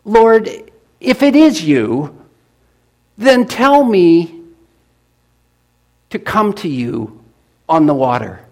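A man's voice: high-pitched, big pitch swings, very slow, long pauses, darkish tone, pitched above the performer's own voice, exaggerated voice. A man voicing an eager, impulsive male fisherman who pleads in a raised voice. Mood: pleading.

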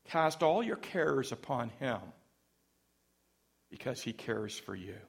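Slow, gravelly-voiced male pastor preaching. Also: medium pitch, sing-song. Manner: dramatic, varied delivery with sudden loud rises and soft drops. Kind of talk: sermon.

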